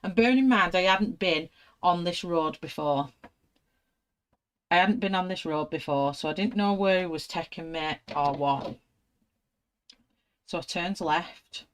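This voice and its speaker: A British woman chatting casually and telling lively anecdotes while she colours an illustration. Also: on the low side, unhurried, pauses often. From United Kingdom. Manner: chatty, animated anecdotes, acts out her own panicked voice. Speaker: art channel host.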